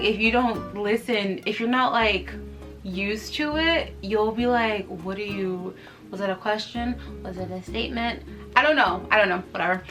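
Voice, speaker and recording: A woman in her twenties from the United States, with a Californian accent, chats casually to camera about learning a language. She's giggly and self-mocking, and her voice sits on the high side with a sharp tone.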